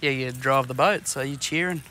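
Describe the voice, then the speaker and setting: A man's voice: medium pitch, normal speed, bright, forceful tone, a little hiss or hum. A man with an Australian accent co-hosting a podcast, telling rambling anecdotes full of swearing while out on a fishing boat. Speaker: podcast co-host. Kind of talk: casual chat.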